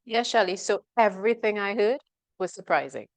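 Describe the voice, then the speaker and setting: A woman's voice: mid-range voice, lively intonation, normal speed, no echo. A woman, an author being interviewed, speaking thoughtfully with a few hesitations. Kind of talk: interview conversation.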